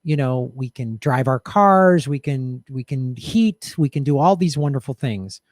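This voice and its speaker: A man's voice: mid-range voice, animated, measured pace, no echo, clean studio sound. A middle-aged man hosting a show, telling a personal story and giving blunt, profane commentary in a casual monologue. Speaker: podcast host.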